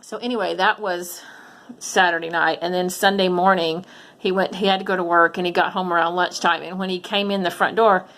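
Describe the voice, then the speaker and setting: A middle-aged woman vlogging about her resale finds and telling a long story in a casual, animated way, with lots of ums and false starts. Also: lowish voice, fairly quick. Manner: chatty, animated retelling with frequent ums and restarts. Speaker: reseller vlogger.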